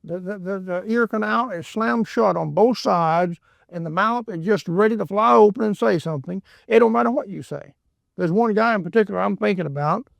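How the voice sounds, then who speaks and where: A man's voice: high-pitched, fairly quick, creaky, dry recording. A man teaching a Bible book verse by verse in a folksy, rambling way, often repeating words and adding asides. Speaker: preacher.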